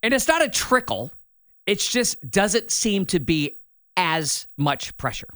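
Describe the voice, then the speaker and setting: A man's voice: high-pitched, slow, no echo, studio quality. A man from the US Midwest co-hosting a morning radio show, joking wryly and telling stories in casual chat. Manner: wry, joking, animated storyteller.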